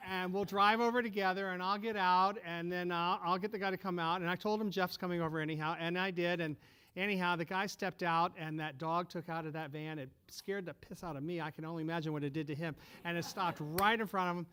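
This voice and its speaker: A man's voice: high-pitched, fairly quick, clean tone. A man telling a story on a panel in casual talk, acting out quoted lines as he goes. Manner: animated anecdote teller who acts out quotes. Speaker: panelist, former restaurant owner.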